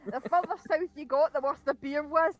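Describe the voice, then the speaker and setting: A woman ranting and swearing loudly in character during a tabletop role-play game. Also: high-pitched, moderate pace, no echo, muffled recording. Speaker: player.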